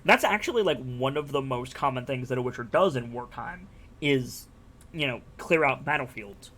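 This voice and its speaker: A man's voice: medium pitch, expressive, moderate pace, a bit bright. A man streaming live, talking casually and enthusiastically about a game, rambling and swearing freely. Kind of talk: casual chat.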